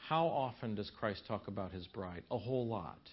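In a church, a man leads a marriage seminar in a lowish, husky voice with lively intonation at a moderate pace. His folksy, conversational storytelling is full of asides and restarts. The recording is lo-fi and slightly dull.

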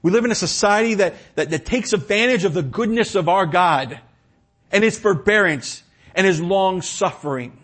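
A man preaching a sermon in a church, stumbling and repeating words as he drives his points home, then dropping to a quiet tone. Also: high-pitched, moderate pace, breathy edge. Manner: impassioned, repeats words, swings from loud emphasis to quiet.

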